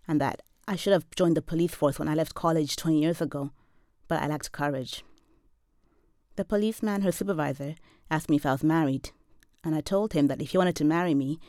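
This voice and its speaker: Low-voiced woman reading a wry story. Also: no room sound, clean studio sound. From Zambia. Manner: measured, deadpan, wry. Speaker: professor and storyteller. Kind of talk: reading a first-person literary story.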